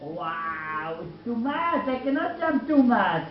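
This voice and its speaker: A woman's voice: a little high, big pitch swings, takes it slowly, voice pushed up. A tiny cheerful bluebird, put on by a woman telling a story, chirps in a raised, sing-song voice that leaps up and down. Her playful lines bounce along. The sound is roomy and a little dull, with music playing behind.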